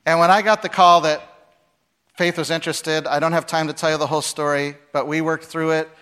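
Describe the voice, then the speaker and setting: A man's voice: on the high side, steady tone, a little fast, a bit bright, smooth. A middle-aged man preaching a casual sermon, reading scripture and adding humorous asides and rhetorical questions. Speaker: pastor.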